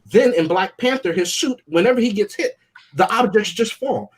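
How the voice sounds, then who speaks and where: Husky-voiced male co-host, a bit high-pitched, methodical and skeptical. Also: expressive, moderate pace. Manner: methodical, picks apart plot logic. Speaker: podcast co-host. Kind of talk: casual review chat.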